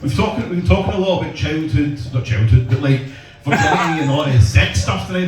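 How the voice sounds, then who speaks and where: A man's voice: fairly high pitch, expressive, fast. A Scottish man doing a crude, self-deprecating stand-up set in a comedy club, bantering with the crowd. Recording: echoey club from far off, loud noise.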